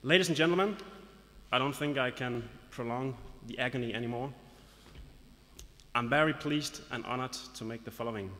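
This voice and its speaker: A man's voice: medium pitch, sharp tone. A man representing a local business association, giving a formal speech with light jokes at a graduation ceremony. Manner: formal, lightly joking, announcing. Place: large hall at a graduation ceremony. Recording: long reverb of a large hall.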